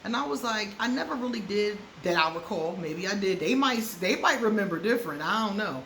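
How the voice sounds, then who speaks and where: A woman's voice: mid-range voice, animated, brisk, a bit bright. A woman giving frank relationship advice to her viewers in a casual chat, laughing often and repeating words for emphasis. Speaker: astrology advice vlogger. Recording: roomy echo with faint background noise.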